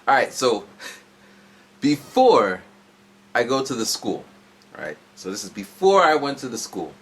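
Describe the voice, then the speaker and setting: A man's voice: medium pitch, big pitch swings, unhurried, husky. A man in his forties telling a long, rambling story in a casual vlog from home, jumping around as he goes. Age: 40s. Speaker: vlogger. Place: at home indoors.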